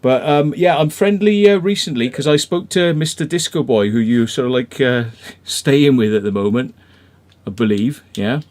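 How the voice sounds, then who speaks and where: Welsh male host, rambling live-stream chat, mid-pitched voice. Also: moderate pace, darkish tone. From Wales. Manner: chatty, rambling, many fillers and restarts.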